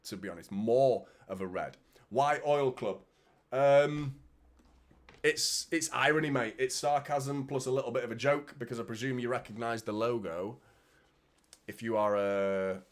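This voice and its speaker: A man with a Manchester accent hosting a live football watchalong, chatting casually, swearing and reading out viewer comments. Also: medium pitch. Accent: Mancunian. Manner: chatty, swears, reads out comments, frequent "mate" and "do you know what I mean". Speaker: fan channel host.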